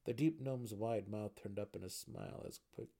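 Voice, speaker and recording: A man narrating a fantasy novel as an expressive dramatic reading. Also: lowish voice, moderate pace, gravelly.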